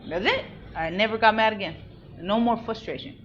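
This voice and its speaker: A woman in a raw personal monologue, blunt and emphatic with heavy swearing, at times rising to loud outbursts. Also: medium pitch, brisk. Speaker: vlogger sharing personal growth. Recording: dull lo-fi recording with faint background noise.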